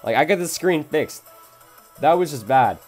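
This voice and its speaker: A man's voice: on the high side, expressive, moderate pace, soft background music. A young man live-streaming a mobile game, swearing at his phone and answering chat as he plays. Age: young adult. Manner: frustrated, swearing, reading chat aloud. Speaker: gaming streamer.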